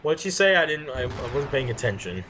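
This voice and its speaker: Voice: medium pitch, big pitch swings, fairly quick, a bit bright, a little hiss or hum. A gamer giving casual gameplay commentary, reading game text aloud and often breaking into laughs. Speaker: let's play gamer.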